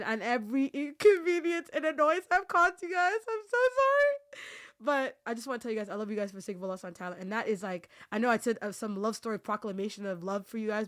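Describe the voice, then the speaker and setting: A woman's voice: mid-range voice, fairly bright tone. Heartfelt woman podcast host, rambling. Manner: heartfelt, rambling, many restarts; Muslim phrases woven into speech. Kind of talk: emotional team chat.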